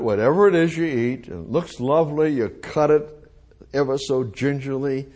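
An older man preaching a rambling, animated sermon full of rhetorical questions to a congregation. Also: mid-range voice.

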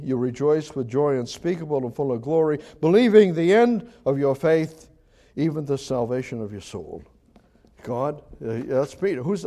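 An older man preaching a sermon with great feeling, swinging from loud, high passages to soft, quiet prayer.

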